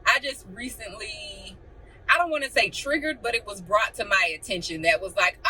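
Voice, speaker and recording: Young woman, blunt, animated, bright voice, faint room noise. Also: mid-range voice, normal speed, far from the mic, low-quality recording. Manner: blunt, animated, acts out quotes. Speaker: vlogger. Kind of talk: casual chat to camera.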